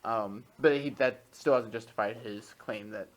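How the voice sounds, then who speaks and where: A man's voice: fairly low pitch, moderate pace, low-quality recording. Man reading a political text aloud. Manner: reads long passages aloud, then comments with fillers. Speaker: reading group member.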